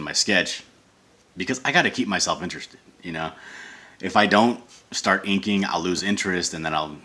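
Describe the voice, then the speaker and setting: A man's voice: low voice, bright, forceful tone. A man teaching comic drawing in a casual tutorial, rambling and correcting himself as he sketches. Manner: rambling, self-correcting, thinks aloud while sketching. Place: home studio.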